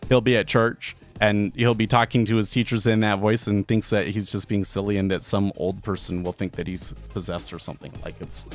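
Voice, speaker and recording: A man's voice: on the low side, steady tone, a little fast, few pauses, soft background music. A man talking casually on a live trading stream, rambling with frequent restarts and fillers.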